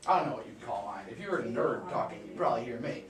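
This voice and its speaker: A man's voice: medium pitch, expressive, racing, over a noisy crowd. Shy self-deprecating young man. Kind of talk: casual chat. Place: radio studio. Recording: echoey room, distant mic, background noise.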